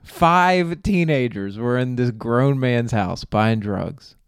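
A man's voice: mid-range voice, animated, slow pace, clean tone, dry recording, studio quality. A young man hosting a podcast, rambling through a comic story and laughing at his own jokes. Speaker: podcast host. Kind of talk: casual comedic monologue.

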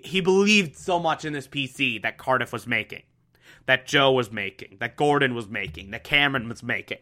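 A man's voice: medium pitch, sharp tone. A young man casually recapping a TV show, enthusiastic and repetitive, with lots of fillers. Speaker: TV recap host.

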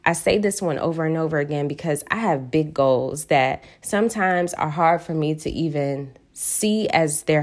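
A woman with a notably low voice and a lilt hosts a casual solo podcast. She talks in an earnest, reflective way and draws out the words she wants to stress. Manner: earnest, reflective, drawn-out emphasis on key words. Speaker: podcast host.

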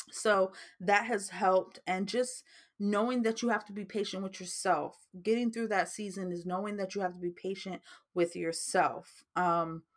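A woman's voice: mid-range voice, a bit bright. A woman from New Jersey with a New Jersey accent, hosting a casual faith-based advice podcast in a chatty way that repeats itself. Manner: chatty, repeats herself, frequent fillers. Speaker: podcast host.

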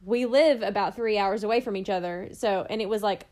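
A woman's voice: medium pitch, a little fast, a little mellow. A young woman co-hosting a podcast, chatting casually and telling stories with lots of "like". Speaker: podcast co-host. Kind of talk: casual chat.

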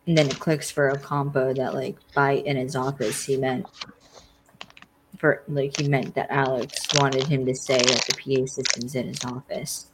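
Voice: mid-range voice, flat delivery, normal speed, background noise. A podcast host casually recapping a TV episode, rambling with lots of fillers and acting out the characters' lines. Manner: rambling, lots of "like", acts out quotes.

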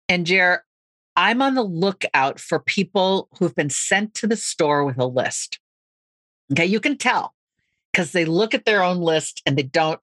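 A middle-aged American woman, an author guesting on a podcast, tells stories with warm enthusiasm in a relaxed, animated interview. Her low voice has bright, ringing energy and is full of quick asides. The sound is close and dry with no echo or room around it.

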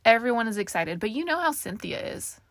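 A woman voicing a chatty, wry young fae sister who talks in a brisk, gossipy way. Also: a little high, very animated, fairly bright tone, no echo.

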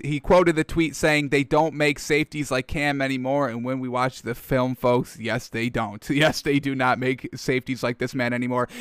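A young American man hosting a casual football chat, reacting excitedly to highlight clips and calling his viewers folks. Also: clear, resonant tone, no echo, clean studio sound. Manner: excitable, laughs often, addresses viewers as folks. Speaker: sports commentator host.

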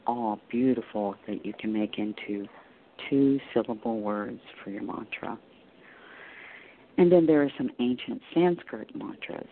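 A man giving a calm, unhurried meditation talk as a spiritual teacher, pausing between short phrases. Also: lowish voice. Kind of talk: slow guided meditation talk. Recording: tinny phone-like line with faint hiss.

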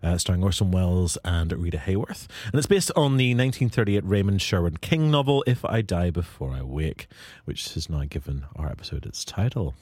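A man's voice: sits low, a little fast, few pauses, no room sound. Brief: Northern Irish male host, joking through a film chat, close dry mic. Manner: jokey, animated, lots of fillers. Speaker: podcast host. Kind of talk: casual film discussion.

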